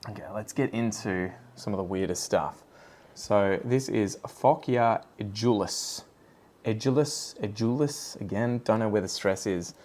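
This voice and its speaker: An Australian man with a fairly low voice talks in a relaxed, chatty way, wandering from one tangent to the next. He sounds like a plant channel host thinking aloud while he pots plants. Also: unhurried. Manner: chatty, rambling, goes off on tangents. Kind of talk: casual chat while potting plants.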